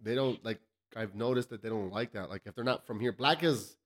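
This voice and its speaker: A man's voice: lowish voice, brisk. Joking, profane male podcast host. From El Paso, Texas. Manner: loud, joking, laughs often. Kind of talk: profane casual chat.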